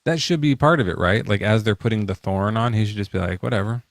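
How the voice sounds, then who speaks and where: A man's voice: fairly low pitch, animated, fast, vocal fry, dry recording, studio quality. A man hosting a casual live chat, rambling with lots of fillers and laughing often. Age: adult parent. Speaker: host.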